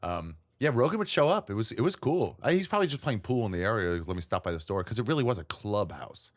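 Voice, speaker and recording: A man, a comedian guest, telling stories in casual chat, lively and laughing often as he acts out what others said. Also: on the low side, fast. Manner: animated storyteller, acts out quotes, laughs often. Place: tent.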